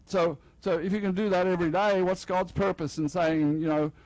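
A man's voice: sits high, steady tone, moderate pace, darkish tone, no echo, poor audio. An older man preaching a festival sermon in a loose, joking, conversational way, acting out little dialogues with the congregation. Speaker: pastor. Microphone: headset mic.

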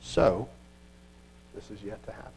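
A man preaching a sermon, reading scripture aloud and asking rhetorical questions, earnest with quiet asides. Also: fairly low pitch, fairly even intonation, unhurried, creaky, husky, poor audio.

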